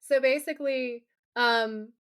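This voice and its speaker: A woman co-hosting a podcast, recapping an episode in casual, animated chat, swearing and acting out quotes. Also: high-pitched, takes it slowly, clean tone. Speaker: podcast co-host.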